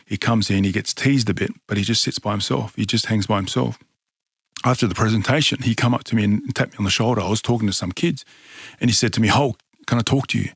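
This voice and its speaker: A middle-aged man tells his story, earnest and halting, often restarting his sentences. His voice sits low. The sound is dry and close, with no room around it. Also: breathy edge, no room sound. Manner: earnest, many fillers and restarts. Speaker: podcast guest, fighter. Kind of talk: casual storytelling.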